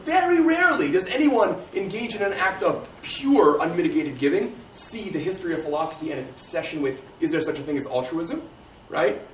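A man's voice: high voice, very animated, brisk. A man giving a lecture and answering audience questions, thinking aloud in a conversational way and often checking in with "right?". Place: lecture room. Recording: echoey room, distant mic, faint hiss.

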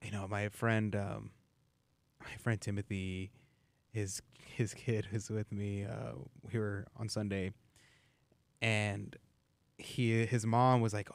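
A man hosting a talk radio show, relaxed as he tells stories and reads listener messages. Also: lowish voice, a little slow, gravelly, no room sound. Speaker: radio host. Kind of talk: casual talk radio chat.

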